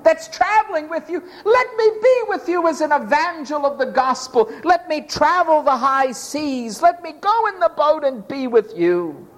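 A man's voice: extremely high pitch, animated, normal speed, few pauses, a bit bright, voice pushed up, low-quality recording. A preacher doing a begging, eager freed man. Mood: pleading.

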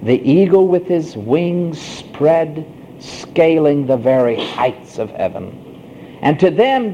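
A man preaching a sermon, emphatic, with a swooping preacher's cadence and slow, drawn-out phrases. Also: high voice, warm tone, slight background noise, low-quality recording.

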